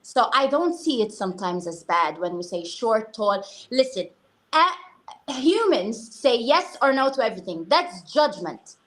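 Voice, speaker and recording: A woman guest talking candidly and earnestly on a talk show, telling stories with animated asides. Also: on the high side, unhurried. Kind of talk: casual talk-show conversation.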